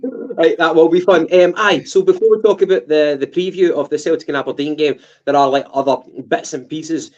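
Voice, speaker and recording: A man's voice: on the high side, brisk, hardly any pauses, highs cut off. A Scottish man co-hosting a casual football podcast, hesitant with many fillers and restarts. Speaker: podcast co-host.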